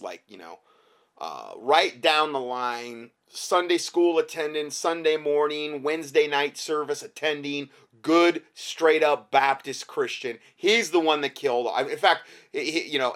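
A man's voice: fairly high pitch, unhurried, a bit bright. Rambling, emphatic male talk host. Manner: rambling, emphatic, with frequent restarts. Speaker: podcast host. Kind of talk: casual talk-show commentary.

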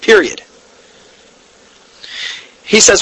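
Husky bright-voiced preacher man. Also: on the high side, animated, rough recording. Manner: preachy, indignant, reads quotes slowly and emphatically; sarcastic asides. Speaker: Bible study teacher. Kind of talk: recorded Bible study lesson.

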